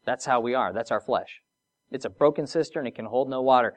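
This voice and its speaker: Speaking at a mid-range pitch, this preacher alternates gentle, stretched-out lines with forceful climbs. The sermon is sprinkled with casual asides and rhetorical questions.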